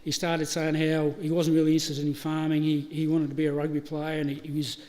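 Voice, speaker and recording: This middle-aged Australian man talks fast in a monotone, his voice a little high and darkish. He is giving a storytelling eulogy at a funeral service, chatty and full of laughs and restarts, streamed live with hall reverb.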